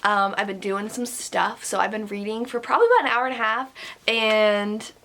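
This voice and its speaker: A woman's voice: mid-range voice, normal speed, noisy background. A young woman with a stuffy nose, chatting casually in a vlog, rambling and full of "like". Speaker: book vlogger.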